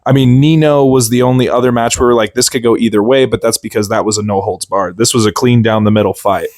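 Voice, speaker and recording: Excited man talking wrestling. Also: medium pitch, quick pace, no echo, studio quality. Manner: enthusiastic, repeats himself for emphasis. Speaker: wrestling podcast co-host. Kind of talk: casual chat.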